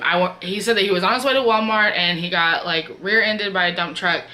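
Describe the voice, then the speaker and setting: A woman's voice: lowish voice, a little fast, hardly any pauses, sharp tone. A woman vlogger telling a personal story in a chatty, casual way, full of filler words.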